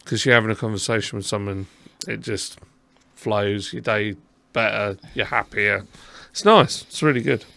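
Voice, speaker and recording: A man's voice: fairly low pitch, normal speed, creaky, hardly any pauses, bright, forceful tone. A man with a southern English accent hosting a casual podcast chat, talking in a rambling, self-deprecating way. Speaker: podcast host.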